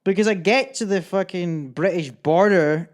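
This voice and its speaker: Scottish podcast co-host, thirties, raised pitch, animated and sweary storyteller. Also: male voice. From Scotland. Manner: animated, sweary, quick to mimic others. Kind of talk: casual storytelling chat.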